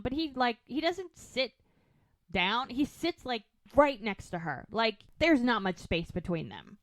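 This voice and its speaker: A woman's voice: on the high side, no room sound. A woman co-hosting a podcast, casually recapping an episode and acting out the characters' lines. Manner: animated retelling, acting out lines in quick quotes. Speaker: podcast co-host.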